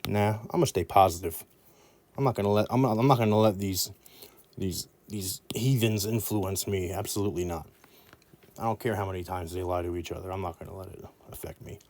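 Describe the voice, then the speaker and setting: A man putting on a breezy, stubbornly upbeat knight who waves off trouble. The voice is low and mellow, casual and a little defiant. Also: fairly even intonation, fairly quick. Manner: breezy, dismissive.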